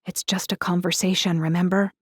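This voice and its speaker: A woman's voice: fairly low pitch, little pitch movement, a little fast, husky, dry recording, studio quality, voice pushed up. A woman voicing a burly male guard who talks in a wry, teasing way, in an audiobook. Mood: chatty.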